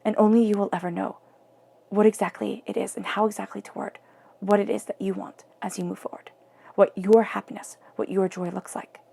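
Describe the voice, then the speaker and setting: An earnest woman gives a spoken tarot reading in a warm, gravelly voice. She keeps her delivery intimate and often sinks into a soft near-whisper. Her voice sits in an ordinary middle pitch for a woman. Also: little pitch movement, fairly quick. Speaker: tarot reader.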